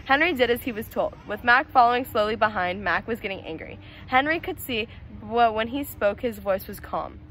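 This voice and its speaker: Woman reader, storybook read-aloud, slightly high, bright and expressive. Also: a little hiss or hum, low-quality recording. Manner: slow, expressive reading. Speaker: student reader.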